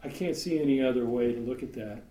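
A man's voice: medium pitch, fast talker, mellow. Casual man teaching in an echoey room. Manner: conversational, joking asides, many fillers. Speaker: congregation teacher. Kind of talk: informal sermon. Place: meeting room with congregation. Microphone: room mic for live stream. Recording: echoey room, faint background hum.

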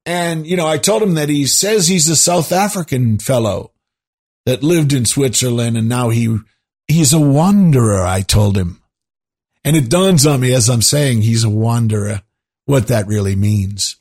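A man's voice: mid-range voice, unhurried, darkish tone, breathy edge. A man hosting his own show, talking to his listeners in a rambling, conversational way full of asides. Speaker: show host. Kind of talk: casual monologue to listeners.

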